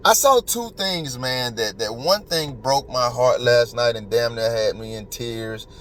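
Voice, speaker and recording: A male podcast host offers casual commentary in an emotional, emphatic, rambling style. His mid-range voice is slightly bright and a bit slow, with a little hiss or hum in the recording.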